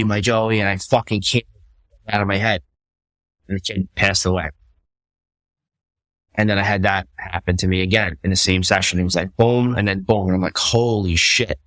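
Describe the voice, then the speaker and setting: A man's voice: lowish voice, a bit bright, dry recording. A middle-aged man, a retired fire captain, telling stories as a podcast guest in a blunt, profane way, often restarting his sentences. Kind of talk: casual storytelling conversation.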